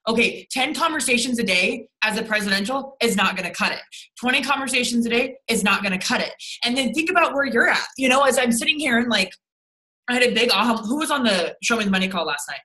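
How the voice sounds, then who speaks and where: A woman's voice: on the high side, pushed and bright, poor audio. A young woman leading her sales team over a video call, blunt and rambling, with lots of swearing and fillers.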